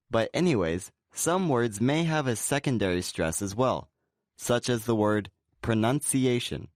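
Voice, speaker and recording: A man with a lowish voice explains word stress in a scripted lesson. He talks in a relaxed way and says example words slowly and clearly. The sound is dry and close-miked. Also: no room sound. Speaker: pronunciation teacher.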